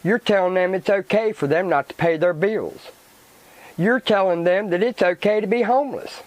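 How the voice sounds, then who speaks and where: A man's voice: high voice, normal speed, dry recording, low-quality recording. A man hosting his own vlog, ranting angrily and swearing, repeating himself as he goes. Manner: swearing, agitated ranting with repetition. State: angry. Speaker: channel host. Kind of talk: angry vlog rant.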